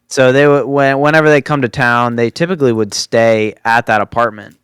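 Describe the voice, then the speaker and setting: A man's voice: mid-range voice, steady tone, fairly quick, a bit bright, smooth, no echo. Rambling young man telling a story. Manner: rambling, full of fillers and laughing asides. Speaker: podcast host. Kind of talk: casual storytelling.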